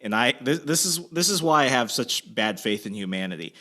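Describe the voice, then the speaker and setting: A bright, forceful young man tells a story in loose, casual chat. He swears freely and acts out the quoted lines with energy. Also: mid-range voice, lively intonation, fairly quick. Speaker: podcast co-host telling a story.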